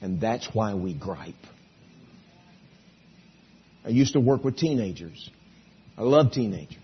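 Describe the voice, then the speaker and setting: A man's voice: on the low side, expressive, a little slow, husky, muffled recording. A male preacher giving a folksy, story-filled sermon, acting out characters in a church auditorium.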